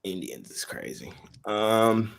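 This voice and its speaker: A man's voice: fairly low pitch, expressive, slow pace, gravelly. A man co-hosting a live sports betting picks show, blunt and trash-talking as he gives his plays.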